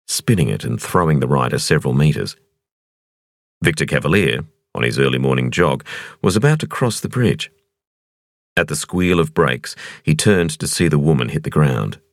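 A man reading a thriller audiobook in a measured, expressive narration. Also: a bass voice, creaky, dry recording. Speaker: audiobook reader.

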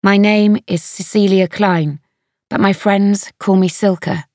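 A woman voicing a frail eighteen-year-old girl in an audiobook, quiet but clear. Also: mid-range voice, steady tone, slow, dry recording, studio quality, natural voice. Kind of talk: audiobook reading.

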